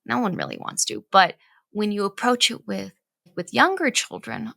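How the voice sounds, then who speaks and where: A woman's voice: mid-range voice, wildly swooping pitch, normal speed, gravelly, fairly bright tone, dry recording. A woman in her thirties, a podcast co-host and mother, explaining parenting ideas in an earnest, conversational way and often checking in with "right?". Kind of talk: casual parenting chat.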